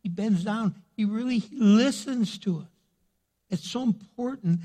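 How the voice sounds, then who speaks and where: A middle-aged man preaches a sermon in a fairly high voice. He is lively and theatrical, slipping into the voices of the people he quotes and building to loud, emphatic peaks. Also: a little slow. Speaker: pastor.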